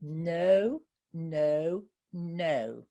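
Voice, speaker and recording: A woman voicing a small male field mouse in a read-aloud storybook, turning others away with brisk, blunt refusals. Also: deep voice, lively intonation, mellow, dull audio, exaggerated voice. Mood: dismissive.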